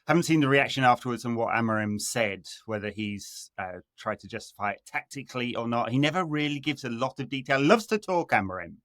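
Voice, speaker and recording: A man co-hosting a football podcast, wry and measured, drifting into asides. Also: mid-range voice, expressive, fairly bright tone, no room sound. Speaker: podcast co-host. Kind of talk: casual football chat.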